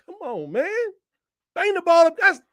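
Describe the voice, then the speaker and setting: Man hosting a watch-along, high voice that jumps to yelling, dry close mic. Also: huge pitch swings, normal speed, no room sound. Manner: loud, shouting at big plays, casual Southern slang. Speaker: live watch-along host. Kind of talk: excited game-watch commentary.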